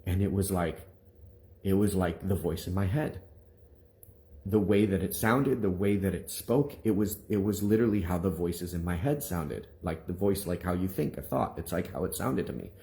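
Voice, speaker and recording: Telling his congregation a personal testimony, this minister speaks in a deep voice at a normal pace. He rambles animatedly through the story, often starting over.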